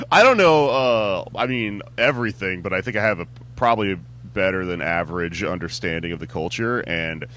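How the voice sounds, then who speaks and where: A man with a lowish voice answers questions in a loose, meandering way and laughs often. His stand-up background shows in his easy delivery. A faint hum runs behind him. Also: brisk, few pauses. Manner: relaxed, rambling, filler-heavy, laughs often. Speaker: comedian and podcast host, interview guest. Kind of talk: casual interview chat. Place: music venue on tour.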